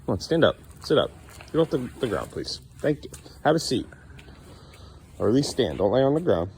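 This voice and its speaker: A man's voice: on the low side, a little hiss or hum. A man talking casually to his young son as a father, playful and coaxing, teasing him now and then.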